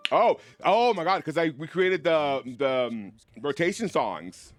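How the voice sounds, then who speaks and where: A man's voice: on the high side, animated, a little slow. A man livestreaming, chatting casually and playfully with his viewers in a rambling way. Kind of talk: casual chat over a live broadcast.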